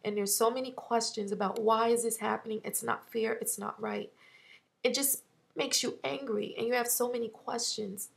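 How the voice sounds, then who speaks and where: A woman in her thirties talking through a personal loss in a vlog, halting and heartfelt, close to tears at times. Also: fairly high pitch, steady tone, creaky. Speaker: vlogger.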